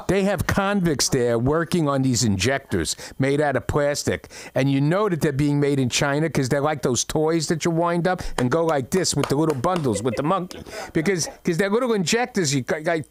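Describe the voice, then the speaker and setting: Brash, lively stand-up man. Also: a little high, normal speed. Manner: brash storytelling with blunt punchlines. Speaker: stand-up comic. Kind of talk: open mic stand-up set.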